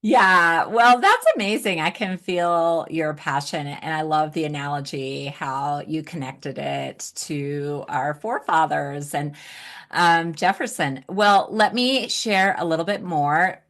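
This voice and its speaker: A woman hosting an interview, reading a guest introduction with lively, gushing reactions. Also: sits low, slow. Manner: enthusiastic, laughs and reacts often. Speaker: host.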